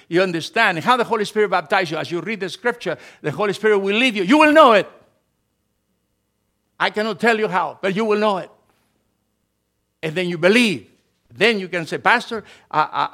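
A middle-aged male pastor preaching an animated sermon, swinging from emphatic rises to soft asides, speaking as a with grammar. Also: sits high.

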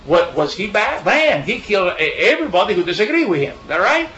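A man giving an informal Bible talk full of anecdotes, halting with frequent fillers and restarts. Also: high voice, very animated, pushed and bright, slight background noise. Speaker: bible study speaker. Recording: echoey room, dull lo-fi sound.

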